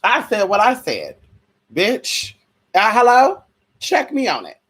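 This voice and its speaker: A woman vlogs a fiery, profane rant straight to her viewers, full of sass and repeated rhetorical questions. Her voice is husky and a bit high. Her pitch swings widely. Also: huge pitch swings, takes it slowly, fairly bright tone. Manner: profane, heated, sassy. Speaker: vlogger. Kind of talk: ranting monologue to viewers.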